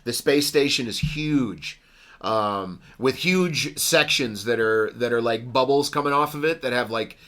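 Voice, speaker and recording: A man's voice: medium pitch, a little slow, bright, forceful tone. A man on a casual podcast, retelling a movie plot with frequent ums and restarts. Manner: rambling, many ums and restarts. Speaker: podcast co-host.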